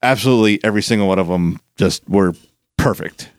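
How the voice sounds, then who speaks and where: A man's voice: fairly low pitch, brisk, no room sound, clean studio sound. A man co-hosting a podcast, chatting casually and enthusiastically with some swearing. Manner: enthusiastic, profane fan talk. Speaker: podcast co-host. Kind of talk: casual chat.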